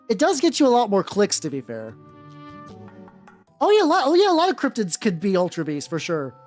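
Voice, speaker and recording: Her voice is a little mellow and on the low side: a young adult woman VTuber chatting casually as she paints miniatures. She rambles loosely, swears without restraint and uses "like" as a frequent filler, with faint music in the background.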